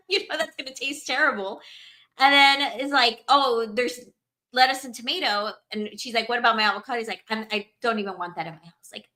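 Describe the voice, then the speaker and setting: A podcast host with a bright, lifted voice talks in a loose, animated way. She breaks into laughter often as she chats with her guest. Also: a little high, a little fast. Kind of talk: casual podcast chat.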